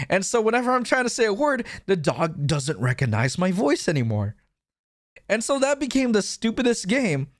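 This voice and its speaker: A man's voice: on the high side, no room sound, clean studio sound. A young man chatting casually on a stream, rambling and swearing as he tells stories about himself. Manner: rambling, swearing, self-mocking.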